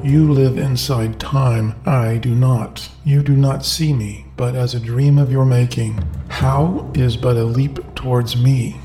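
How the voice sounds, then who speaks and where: A man voicing a mysterious robed otherworldly figure who speaks in slow, measured, cryptic pronouncements. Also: medium pitch, fairly even intonation, warm tone, faint music behind. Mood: solemn, cryptic.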